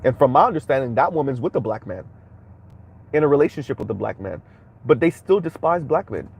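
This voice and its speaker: A man's voice: medium pitch, animated, brisk, creaky, slightly rough. A man hosting a commentary stream, reacting bluntly and heatedly while speaking straight to his viewers. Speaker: commentary channel host.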